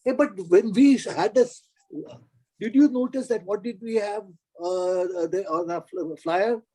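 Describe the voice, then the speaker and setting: Halting, joking man. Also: high voice, mellow, low-quality recording. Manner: playful, halting, many fillers. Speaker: book club member. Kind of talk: casual chat.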